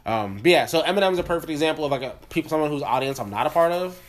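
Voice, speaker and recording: Fast-talking young man, animated and profane. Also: on the high side. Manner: animated, profane, acts out voices in his stories. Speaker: podcast co-host. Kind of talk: casual chat.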